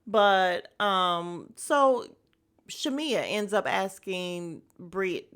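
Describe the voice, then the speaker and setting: A woman at a middle pitch hosts a casual recap podcast. She talks bluntly and gossips freely, mixing in slang and cursing. Her talk rambles with plenty of fillers. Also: expressive, extremely slow, fairly bright tone, smooth. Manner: chatty and rambling, with frequent fillers. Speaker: podcast host recapping a reality show.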